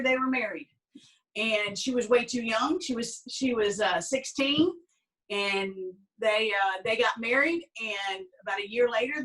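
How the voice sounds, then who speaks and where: A woman's voice: a little high, fairly bright tone, distant mic, poor audio. Folksy Southern woman teaching biscuits. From American South. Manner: chatty storyteller, folksy and rambling. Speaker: cooking instructor. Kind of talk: casual baking demonstration.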